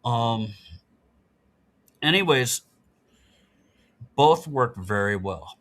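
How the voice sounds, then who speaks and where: Animated but slow, with long pauses, a middle-aged podcast guest speaks in a fairly bright mid-range voice. The talk is a casual interview in which he explains things earnestly and matter-of-factly.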